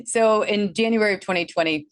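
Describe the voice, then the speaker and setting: At a moderate pace on a dry recording, this Milwaukee energy healer with a Wisconsin accent shares her story as a casual interview guest. She's animated and shifts to a higher voice to act out what she used to think.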